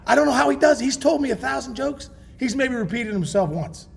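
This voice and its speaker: A man in his forties from Pittsburgh, a former ballplayer telling stories as a guest on a talk show, animated, restarting sentences and laughing often. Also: very high voice, brisk, vocal fry, slightly rough. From Pittsburgh, USA. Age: 40s. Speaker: guest, former pro baseball player. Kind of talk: casual storytelling interview.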